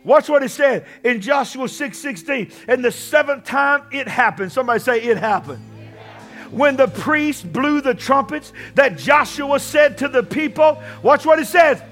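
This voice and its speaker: Man, very high voice, fiery shouted sermon, call-and-response, faint music behind. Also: lively intonation, a little slow. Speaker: pastor. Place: church.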